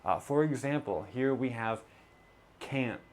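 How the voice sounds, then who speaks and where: A man teaching a pronunciation lesson, modeling sounds slowly and deliberately. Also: medium pitch, a little hiss or hum.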